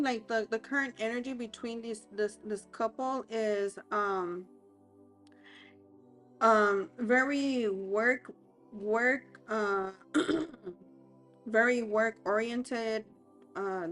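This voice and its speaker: A woman reading tarot cards aloud as a life coach, talking in a hesitant, halting way with many fillers and restarts. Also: mid-range voice, fairly bright tone.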